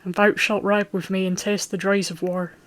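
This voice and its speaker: A blustering medieval lord, loud and gruff, who barks out his orders in old-fashioned speech, as an audiobook reader puts him on. He is a middle-aged man with a hot temper and a hearty, commanding sound. His voice sits a little higher and much louder than the storytelling. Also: flat delivery, moderate pace, lightly acted. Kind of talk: audiobook character voice.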